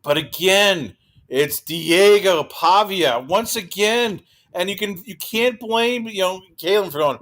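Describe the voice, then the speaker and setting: A man guesting on a sports podcast, talking in an animated, exclaiming way and breaking into mocking impressions. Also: sits high, slow pace. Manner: animated, exclaiming, mimics others. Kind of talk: casual sports talk.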